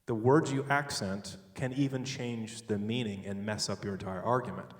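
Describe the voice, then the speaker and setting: A man giving a sermon-style talk on logic, animated and joking, with sudden loud stresses. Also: on the low side, moderate pace, far from the mic. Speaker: speaker at a church. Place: large church hall. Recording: echoey hall, picked up from afar.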